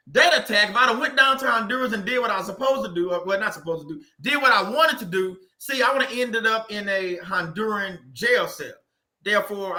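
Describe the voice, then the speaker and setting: A man's voice: high-pitched, sharp tone, roomy sound. A man hosting a faith channel, preaching casually from a desk to a live chat, emphatic and repetitive, reading out viewer comments. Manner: emphatic, repeats phrases, reads out viewer comments. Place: indoor room at a desk.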